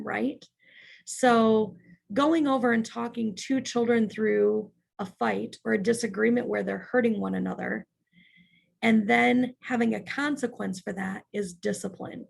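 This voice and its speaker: A woman's voice: medium pitch, a little slow, vocal fry, slightly rough. A woman leading a childcare staff training in a church parlor, practical and often checking in with "right?".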